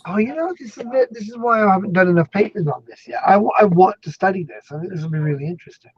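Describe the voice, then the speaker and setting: A man chatting casually as an academic guest, animated and jokey, rambling through his thoughts. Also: high-pitched, fast talker, breathy edge, dry recording, dull audio. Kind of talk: casual chat.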